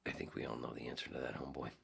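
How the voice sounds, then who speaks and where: Deep-voiced man, profane rambling podcast host. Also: flat delivery, rapid-fire, gravelly, background noise. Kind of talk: casual podcast chat, reading out live chat comments.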